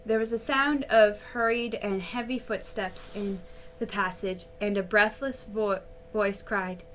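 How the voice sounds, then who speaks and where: A woman narrating a classic ghost story aloud in an unhurried storytelling manner, with a few slips and restarts. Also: medium pitch, fairly even intonation, slight background noise. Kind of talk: reading a classic novel aloud.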